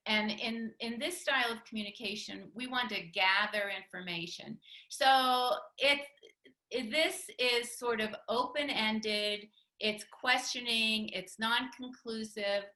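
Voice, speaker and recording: Woman workshop speaker, bright, slightly high voice, chatty with restarts, echoey room. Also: slow. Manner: chatty, laughs often, many restarts. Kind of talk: teaching talk with spouse.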